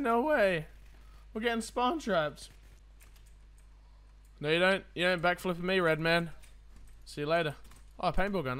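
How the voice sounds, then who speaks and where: An excitable man streaming a game live, chatting away to his viewers as he plays. His voice sits a little high for a man, and he jumps from commentary to cheering. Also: clean tone, no echo. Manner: excitable, chatty, talks to viewers while playing.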